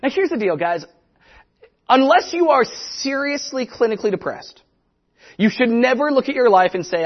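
A man preaching a casual, animated sermon to a congregation, talking conversationally with quick asides. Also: extremely high pitch, highs cut off. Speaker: pastor.

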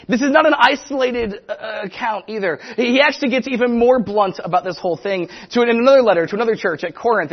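Male pastor, high husky voice, animated conversational sermon, lo-fi sound. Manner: animated, conversational, quick asides.

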